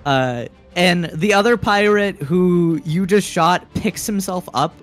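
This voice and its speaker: A man's voice: sits high, slow, faint music behind. A man narrating a tabletop game as game master, often breaking into laughter.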